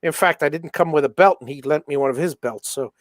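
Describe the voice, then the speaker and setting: A middle-aged man chats casually as host of a live stream, his voice sitting a little high. He rambles through stories, stopping and restarting mid-sentence. The sound is dry and close. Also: fast talker, dry recording. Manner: rambling, self-interrupting storyteller. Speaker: livestream host. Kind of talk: casual chat while soldering.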